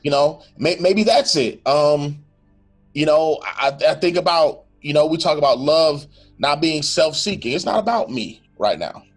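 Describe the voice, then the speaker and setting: A man co-hosts a casual faith-based podcast, speaking in a slightly high, animated voice at a measured pace over soft background music. He is earnest and reflective, often acting out or quoting what someone might say, and restarts his sentences frequently.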